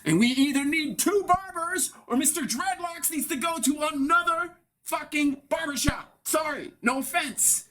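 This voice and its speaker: A man improvising a brash, crude male barbershop regular who lectures bossily and talks fast. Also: very high-pitched, lively intonation, bright, forceful tone, heavily acted. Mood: taunting. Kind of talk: improvised comedy scene.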